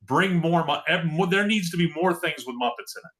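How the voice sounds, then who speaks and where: A man's voice: on the high side, brisk, fairly bright tone. A man co-hosting a podcast in casual chat, eager and joking. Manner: enthusiastic, jokey. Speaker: podcast co-host.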